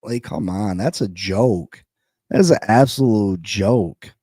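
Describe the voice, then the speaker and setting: A man's voice: fairly low pitch, slow pace, dry recording, studio quality. Man ranting incredulously about sports. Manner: animated, incredulous, repeats lines for emphasis. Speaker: sports podcast host. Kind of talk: heated sports talk.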